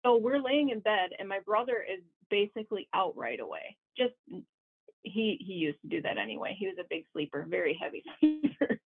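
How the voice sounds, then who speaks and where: A woman's voice: medium pitch, animated, brisk, husky, faint music behind. A young woman from Wisconsin telling a story as a guest, chatty, laughing often and full of fillers. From Wisconsin, USA. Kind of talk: casual storytelling. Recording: tinny phone-like line.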